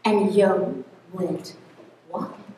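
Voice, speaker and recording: A woman telling a folktale to a church congregation in a lively, sing-song way. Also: fairly low pitch, extremely slow, a little hiss or hum. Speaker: folktale storyteller. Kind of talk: oral storytelling to a congregation. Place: church sanctuary. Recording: echoey hall from far off.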